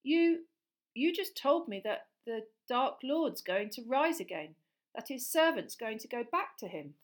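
A woman voicing an earnest, urgent teenage boy in a raised, higher voice, as in an audiobook. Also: sing-song, measured pace. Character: anxious teenage boy wizard.

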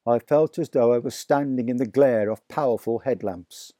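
A man narrating a children's story aloud in a vivid, expressive reading. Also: medium pitch, no echo, clean studio sound. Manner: slow, deliberate, vivid storytelling. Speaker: audiobook narrator.

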